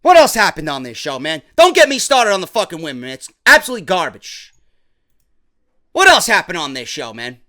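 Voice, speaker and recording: Bright, high-pitched ranting man. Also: wildly swooping pitch, a little fast. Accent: New York. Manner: profane, sarcastic, ranting, gets loud and heated. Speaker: wrestling show reviewer. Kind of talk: ranting show review.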